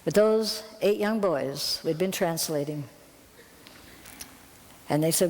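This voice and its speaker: A woman's voice: lowish voice, slow pace, pauses often. Woman storyteller in a reverberant hall. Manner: lively storyteller, voice jumps up when telling of anger. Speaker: missionary Bible translator. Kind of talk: storytelling testimony to an audience.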